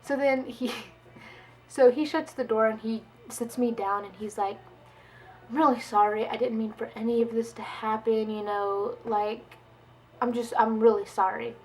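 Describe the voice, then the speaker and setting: A young woman vlogger telling a story in casual chat, chatty and animated, with many "like"s and quoted dialogue. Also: on the high side, measured pace, poor audio.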